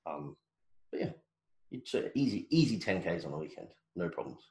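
Man, Australian accent, low voice, casual podcast chat, joking, echoey room. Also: sing-song, normal speed, mellow. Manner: laid-back, joking, trailing restarts. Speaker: podcast co-host.

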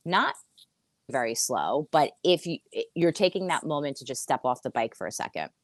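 A woman's voice: a bass voice, very animated, normal speed, no echo, studio quality. A woman therapist, a podcast guest, explaining things earnestly in conversation and repeating phrases for emphasis while she sits in a chair. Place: seated in a chair.

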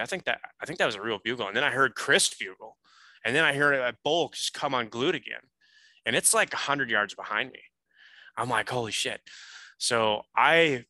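A man telling a hunting story as a podcast guest, animated and full of casual fillers. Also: mid-range voice, dry recording, rough recording.

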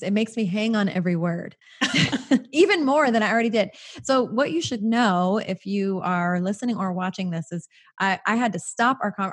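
An American woman hosting a podcast, enthusiastic and gushing, with quick asides. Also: mid-range voice. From United States. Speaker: podcast host. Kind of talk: podcast intro and interview.

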